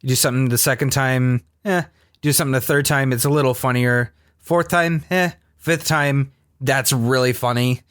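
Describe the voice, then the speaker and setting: A man co-hosting a podcast in casual chat, relaxed and thoughtful, often restarting his sentences. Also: medium pitch, moderate pace, clear, resonant tone, no room sound, clean studio sound. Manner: relaxed, thoughtful, repeats words when starting. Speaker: podcast co-host.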